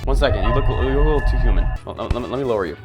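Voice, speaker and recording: A man's voice: mid-range voice, animated, racing. A young man presenting a comedic game tutorial in a playful, jokey way. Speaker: gaming YouTuber. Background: faint background music.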